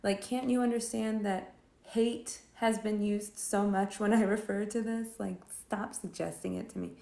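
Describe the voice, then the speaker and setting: A woman with a gravelly, mellow voice talks in a loose, rambling way, with a steady stream of "like" and exasperated sarcasm. She sounds like she is venting to friends in an echoey room. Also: mid-range voice, unhurried. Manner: sarcastic, exasperated, filler-heavy with lots of "like". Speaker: vlogger reviewing films while drawing. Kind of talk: casual rambling film roast.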